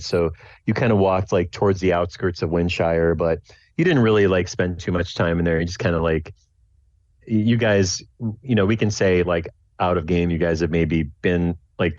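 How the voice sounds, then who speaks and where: A man's voice: low voice, darkish tone, dry recording. A man narrating a tabletop game as game master, rambling with many restarts. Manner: rambling, lots of fillers and restarts. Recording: dry, dull lo-fi sound.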